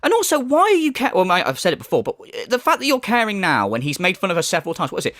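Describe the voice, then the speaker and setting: A man's voice: high voice, huge pitch swings, very fast, few pauses, fairly bright tone, no echo, studio quality. A man delivering a profane, mocking commentary rant, often mimicking others in sneering voices. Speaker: commentary YouTuber. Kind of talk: ranting commentary.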